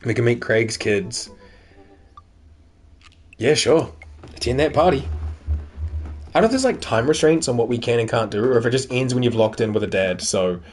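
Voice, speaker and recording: A man's voice: medium pitch, expressive, moderate pace. Casual joking man commenting on a game. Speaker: let's play host.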